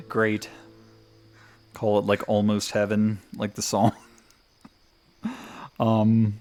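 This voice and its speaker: A man's voice: lowish voice, little pitch movement, unhurried, pauses often, a little mellow, soft background music. A man streaming a video game, giving rambling casual commentary and chuckling often.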